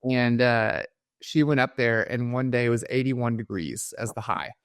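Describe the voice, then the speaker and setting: A man's voice: medium pitch, moderate pace, smooth, no room sound. A male podcast host talks in an easygoing, casual way on a dry recording. He asks his questions plainly and keeps things agreeable with short affirmations.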